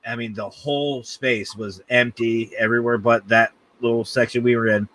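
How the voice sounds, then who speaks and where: A man hosting a casual talk show, telling a funny story in an animated, jokey way and acting out voices. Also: medium pitch, moderate pace. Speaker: podcast host.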